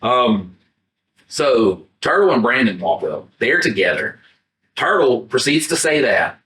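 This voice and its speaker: A man co-hosting a podcast tells a rambling story in casual chat and acts out his own lines along the way. His voice is bright and forceful. He is recorded from across an echoey room, not up close on a mic. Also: mid-range voice, a little slow. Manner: animated, profane, acts out his own quotes. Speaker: podcast co-host. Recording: roomy sound from a distant mic, not the podcast mics.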